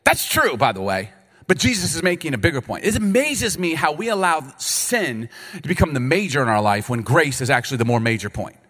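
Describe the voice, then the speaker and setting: A man in his thirties delivers a casual, animated sermon, breaking into quick asides and little acted-out exchanges. His voice sits a bit high and leaps around expressively. The sound rings with the long reverb of a large hall. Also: breathy edge. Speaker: pastor. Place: church sanctuary.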